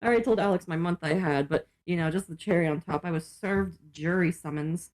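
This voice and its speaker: A woman's voice: fairly low pitch, fairly quick, a little mellow. A woman from Florida, co-hosting a podcast in casual chat, swearing and saying "like" a lot. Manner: chatty, swears, lots of "like". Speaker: podcast co-host.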